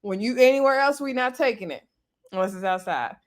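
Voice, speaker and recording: A woman giving a casual, gossipy recap of a reality show, animated and quick to laugh. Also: fairly high pitch.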